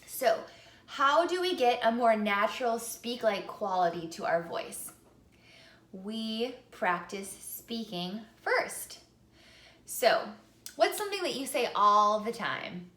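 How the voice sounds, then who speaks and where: Upbeat woman vocal coach, bright tone, slightly high voice, echoey room. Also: very animated, slow. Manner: upbeat, demonstrative, sings example phrases. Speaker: singing teacher. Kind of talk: vocal lesson to camera.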